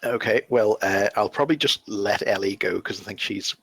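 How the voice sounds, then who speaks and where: A man with a husky voice playing a tabletop game, animated and quick to giggle. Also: on the low side. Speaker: player. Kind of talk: casual tabletop game talk.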